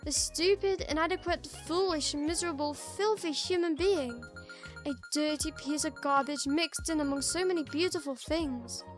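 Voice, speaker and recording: A woman voicing a soft-spoken young female murder suspect, gentle and eerie, reading a visual novel aloud in a quiet, hesitant way. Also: high-pitched, normal speed, soft background music, natural voice. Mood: wistful.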